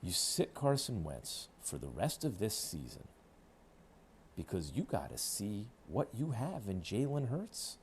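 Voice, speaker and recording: A man hosting a sports radio show, delivering an opinionated monologue in an emphatic, hectoring way that swings between loud declarations and low asides. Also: sing-song, a little slow, slight background noise. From New York.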